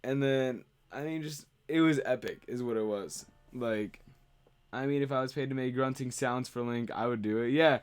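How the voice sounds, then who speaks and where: A man's voice: mid-range voice, normal speed, clean tone. A man streaming, chatting casually and rambling as he answers viewer questions. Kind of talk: casual livestream chat.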